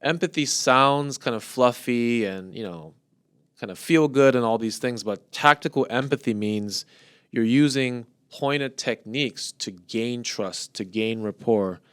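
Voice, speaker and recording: A man in his thirties talks through ideas in a casual podcast chat, circling back and restarting his phrases. His voice is smooth and resonant at a mid pitch. The sound is close and dry. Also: unhurried, fairly bright tone, dry recording. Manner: explains in loose, restarting phrases with light laughs. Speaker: podcast co-host.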